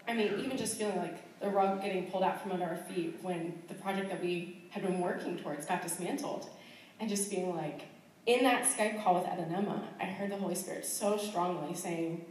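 In a church hall, a woman missionary chats through her personal testimony and calling, with lots of fillers and laughter. Her voice sits mid-range, and there's slight background noise. The room is very echoey and she's far from the mic.

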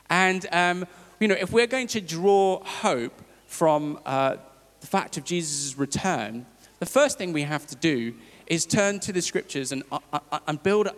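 Man preaching in a reverberant hall. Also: a little high. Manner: conversational, halting with fillers and restarts. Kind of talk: sermon.

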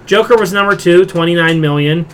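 Guy hosting a podcast, kinda high voice, laughs a lot while he talks. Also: brisk, fairly bright tone, a little hiss or hum. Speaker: podcast host. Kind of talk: casual chat.

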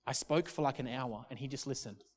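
A man's voice: mid-range voice, fairly quick. A man, a pastor preaching a sermon through a personal story, restarting and repeating words as he talks.

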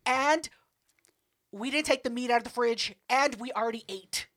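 Brief: young female co-host, bossy teasing roaster, high bright voice. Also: moderate pace, no room sound, clean studio sound. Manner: brash, teasing, heavy swearing. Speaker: podcast co-host. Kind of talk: casual podcast banter.

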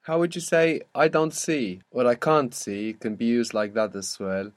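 A man leads a one-on-one language lesson at a steady, patient pace. He prompts the learner and praises each answer. His voice sits at an ordinary middle pitch. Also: moderate pace. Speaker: language teacher. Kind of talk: guided spoken language lesson.

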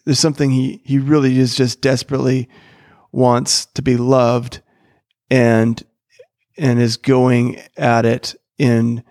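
Gravelly middle-aged man, rambling casually. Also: mid-range voice, level tone, slow pace, a little mellow, no echo, studio quality. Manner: rambling, many restarts. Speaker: character comedian, podcast guest. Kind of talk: casual conversation.

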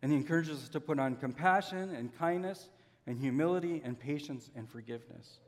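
Pastor preaching in a reverberant hall. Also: male voice, a little high. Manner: earnest, with slow drawn-out emphasis and homely examples. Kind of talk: sermon.

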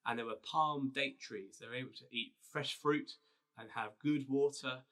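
A man's voice: medium pitch, moderate pace, sharp tone. A man, a pastor telling a Bible story as a casual, conversational sermon. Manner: storytelling, conversational with restarts and fillers.

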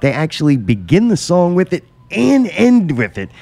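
A man's voice: high-pitched, wildly swooping pitch, moderate pace, gravelly, warm tone. A man hosting a casual podcast, telling stories with plenty of swearing and laughter. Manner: profane, laughing storyteller. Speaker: podcast host. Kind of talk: casual chat.

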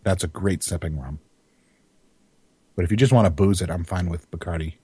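A man's voice: low-pitched, fairly quick, dark tone, husky, no room sound. Wry laid-back man co-hosting. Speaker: podcast co-host. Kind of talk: casual chat.

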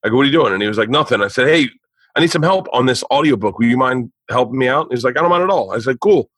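A man's voice: mid-range voice, very fast, a bit bright, slightly rough, dry recording. A man hosting a podcast, chatting casually and telling profane, rambling stories with acted-out dialogue. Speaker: podcast host and comedian. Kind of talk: casual chat, storytelling.

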